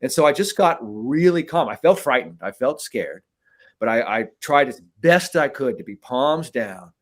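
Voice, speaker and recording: A man in a relaxed podcast chat who coaches the mental side of the job. He tells a story in a loose, lively way, swearing casually and tagging his sentences with "right?". His voice sits at an ordinary middle pitch. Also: moderate pace. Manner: animated, swears casually, frequent "right?" tags.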